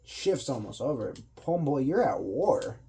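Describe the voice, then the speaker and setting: A man's voice: mid-range voice, very animated, moderate pace, mellow, husky. A man giving loose, slangy commentary and explaining what he does while he plays a video game. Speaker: gaming commentator. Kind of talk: casual gameplay commentary.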